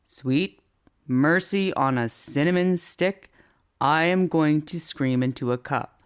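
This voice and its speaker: A woman voicing a weary family dad who speaks calmly and flatly. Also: sits low, a little slow, clean tone. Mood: deadpan. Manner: flat, controlled, deadpan. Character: weary, deadpan family dad, calm but frazzled.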